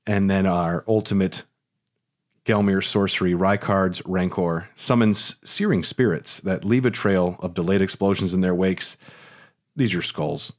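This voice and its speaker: A man's voice: deep voice, a little slow. A man co-hosting a casual gaming podcast, reading spell descriptions and throwing in dry jokes and movie references. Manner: dry joking asides and pop culture riffs. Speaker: podcast co-host. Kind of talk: casual chat.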